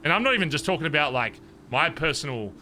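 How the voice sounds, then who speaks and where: Animated, bright-voiced man venting in character. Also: a little high, fast, slight background noise. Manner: heated, profane venting, animated retelling. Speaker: streamer in character. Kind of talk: in-character roleplay conversation.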